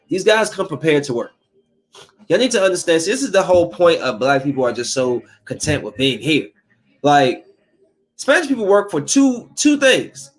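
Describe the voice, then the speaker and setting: Heated, high-voiced man ranting on a podcast. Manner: heated, preachy, scolding the listener. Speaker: podcast host. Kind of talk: opinionated casual podcast rant.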